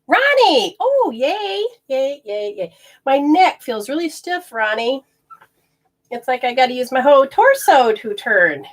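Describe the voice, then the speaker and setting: A high-voiced, very animated woman speaks at a measured pace as an energy healer leading a live session. She rambles and often cuts herself off mid-sentence while explaining hands-on techniques.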